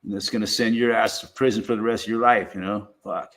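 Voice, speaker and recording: A man with a fairly low voice talks off the cuff in a loose, rambling stream monologue. He swears freely and keeps stopping to restart his sentences. Filler phrases like "you know" and "man" run through everything he says. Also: steady tone, gravelly, a bit bright. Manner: rambling, profane, halting restarts.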